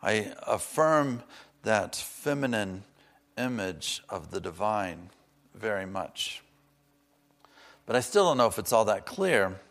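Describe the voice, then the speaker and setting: A man preaching a sermon, earnest and personal, slowing down to stress key words and dropping in chatty asides. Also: fairly low pitch, very animated, a bit bright.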